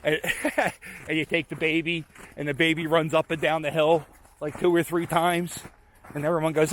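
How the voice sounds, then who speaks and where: Slightly high and a bit bright, this man's voice stays fairly flat in pitch at a moderate pace. He's a vlogger of abandoned sites, casually commenting to his dog on a handheld camera as he walks a snowy, empty waterfront amid outdoor noise.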